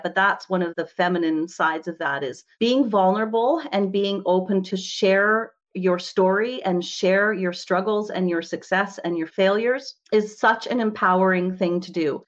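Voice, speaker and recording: A woman real estate investor talks as an interview guest in a casual, animated way. She leans on fillers like "you know" and tag questions. The recording sounds slightly dull and lo-fi. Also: on the low side. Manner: animated, laughs often, many "you know"s and "right?"s.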